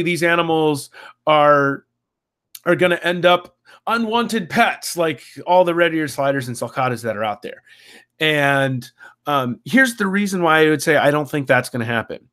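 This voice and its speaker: Male podcast co-host, slightly high voice, hesitant and halting, casual chat. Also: a bit bright. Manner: hesitant, many restarts and fillers.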